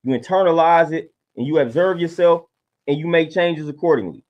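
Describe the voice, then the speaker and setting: A man's voice: on the high side, a little fast, dull audio. A man talking casually on a livestream, laid-back and preachy, often repeating his points. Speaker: livestream host.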